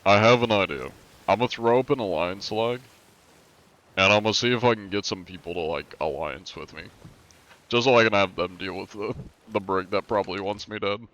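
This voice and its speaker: A man's voice: on the low side, moderate pace, fairly bright tone, dull audio. A man from the United States chatting casually on a live game stream, joking as he answers chat questions.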